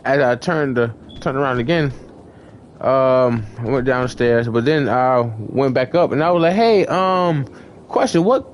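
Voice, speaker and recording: A young man in voice chat, rambling through a profane story full of "like" and restarts, acting out lines with shouts. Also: medium pitch, unhurried, slight background noise. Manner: acts out quoted lines, shouting and laughing. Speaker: gamer in voice chat.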